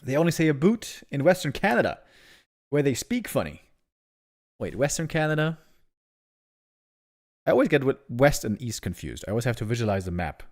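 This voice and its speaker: Speaking at a normal speed with frequent pauses, a medium-pitched man from Germany casts a strategy game live. He jokes around with his viewers, animated and playful, and sometimes erupts loudly without warning.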